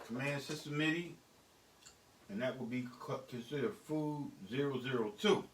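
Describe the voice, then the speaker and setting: A man's voice: mid-range voice, moderate pace, noisy background. A middle-aged man, a beat producer, talking bluntly and profanely in a casual studio vlog. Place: home music studio. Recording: echoey room, mic at a distance.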